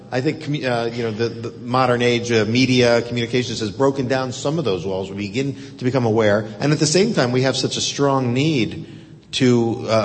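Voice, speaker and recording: A radio talk show host leading a live audience discussion, rambling and thoughtful with many restarts. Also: male voice. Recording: reverberant hall with faint rumble.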